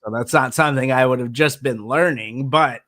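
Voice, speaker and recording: A man's voice: medium pitch, moderate pace, background noise. A man co-hosting a casual sports podcast, laying out analysis steadily and teasing dryly. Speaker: podcast co-host.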